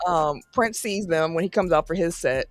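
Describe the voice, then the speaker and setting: A man co-hosting a podcast in casual chat, telling stories with lively acted-out quotes. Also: fairly high pitch, moderate pace, no room sound, soft background music. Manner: animated storyteller, acts out quoted voices. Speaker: podcast co-host.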